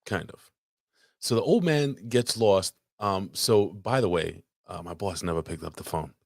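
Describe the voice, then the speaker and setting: A man with a very low voice co-hosts a podcast, spinning a story in crude, rambling talk full of restarts and asides. He speaks close to a microphone in a dry, dead-sounding space. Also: measured pace, creaky, dry recording. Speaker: podcast co-host. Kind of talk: casual profane storytelling chat.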